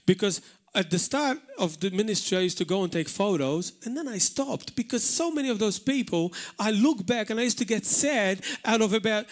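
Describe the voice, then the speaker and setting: This is a man from Malta, a pastor, giving a live sermon in a church hall. His high-pitched, animated voice keeps a moderate pace with few pauses, and he speaks earnestly, repeating words for emphasis.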